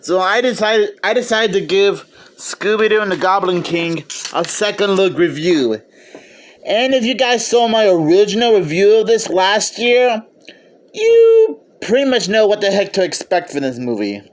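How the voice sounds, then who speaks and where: A man's voice: high voice, sing-song, moderate pace. A man giving an eager, casual video review of a film, often stopping to restart or correct himself. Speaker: movie reviewer.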